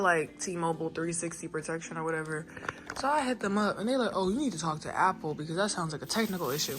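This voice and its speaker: A young woman venting to her viewers in a frustrated, animated way, speaking. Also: on the low side, noisy background. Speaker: vlogger. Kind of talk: casual venting monologue. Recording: echoey room, some distance from the mic.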